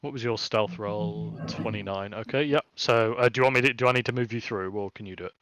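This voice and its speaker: A man running a tabletop game as game master, narrating in a relaxed, chatty way with many fillers. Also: on the low side, fairly quick, a little hiss or hum.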